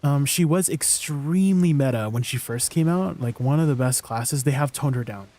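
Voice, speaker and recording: During a game stream, a young man responds to viewers with mocking incredulity. He speaks at a moderate pace in a medium-pitched voice with a dark tone.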